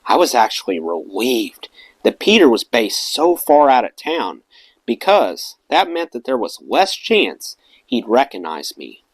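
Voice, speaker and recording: Expressive man reading a memoir. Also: mid-range voice, a little slow, no echo. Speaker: audiobook reader.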